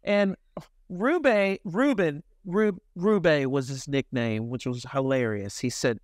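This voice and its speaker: A middle-aged man from Memphis, telling lively, self-mocking and profane stories as a guest musician in an interview. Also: on the high side, slow, no room sound, clean studio sound. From Memphis, Tennessee, US. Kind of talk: candid storytelling in an interview.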